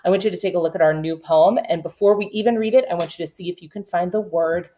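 A woman teaching a remote kindergarten phonics lesson. She drills letter sounds slowly and deliberately, then reads a rhyme aloud in an encouraging sing-song. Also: fairly low pitch, dark tone.

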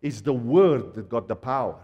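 A man from Africa preaching a sermon to a congregation, animated and full of laughter, swinging from quiet asides to loud exclamations. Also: medium pitch, moderate pace, highs cut off. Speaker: pastor. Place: large church hall. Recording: church hall reverb.

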